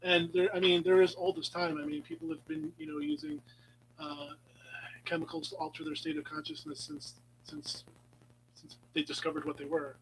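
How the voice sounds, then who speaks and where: A man's voice: high-pitched, sing-song, normal speed, creaky, slight background noise, poor audio. A man hosting a casual live chat with viewers, meandering and playful, with many ums and restarts, sometimes dropping to a whisper. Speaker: live stream host.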